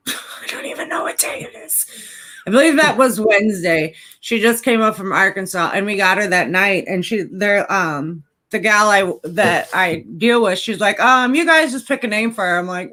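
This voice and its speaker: A woman's voice: medium pitch, pushed and bright. A woman chatting casually in a home vlog, rambling and cooing to a puppy on her lap. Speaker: vlogger. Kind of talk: casual chat. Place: home indoors.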